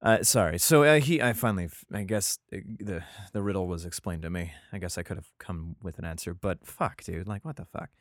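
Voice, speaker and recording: A man's voice: sits low, a little fast, few pauses, dry recording, clean studio sound. A man hosting a casual podcast who reads aloud and comments in profane, rambling, exasperated asides. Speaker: podcast host. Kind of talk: casual Bible reading podcast.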